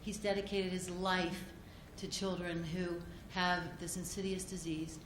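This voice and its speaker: A woman accepting an award for a doctor at a conference, speaking gently, with many fillers and restarts. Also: fairly low pitch, level tone, measured pace. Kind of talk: heartfelt conference speech. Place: conference hall. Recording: echoey hall, audience noise.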